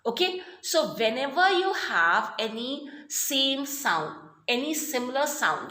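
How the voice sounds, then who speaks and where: Woman teacher, Indian English accent, high and animated, echoey room, patient step-by-step explainer. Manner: explains slowly with many "okay" and "fine". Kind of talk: recorded online class lesson. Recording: roomy echo.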